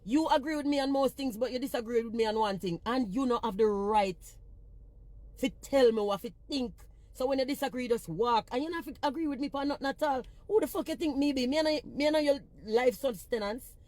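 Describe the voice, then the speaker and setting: A woman's voice: sits high, a little fast, a little mellow, no room sound. A woman with a Jamaican accent ranting on a phone livestream, blunt and profane as she scolds her commenters. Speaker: social media personality.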